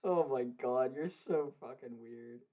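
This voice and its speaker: A young man chatting casually on a podcast from his home basement, excitable, swearing a lot and laughing often. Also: mid-range voice, takes it slowly. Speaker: podcast co-host. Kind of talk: casual film review chat.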